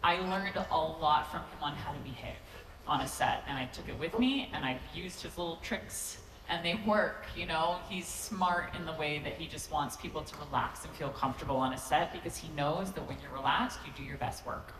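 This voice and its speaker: A woman with a low voice speaks on a convention panel, teasing and self-mocking and quick to laugh. She talks into a handheld microphone, and her voice rings through a big echoey hall with a long tail. Steady crowd noise sits under every word. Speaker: actor answering fan questions on a convention panel. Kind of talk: relaxed, joking panel talk. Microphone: handheld microphone on stage.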